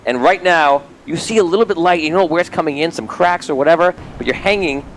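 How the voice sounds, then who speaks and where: A man's voice: fairly high pitch, fast, slight background noise. A man running a tabletop game as game master, narrating with frequent laughter and rambling asides.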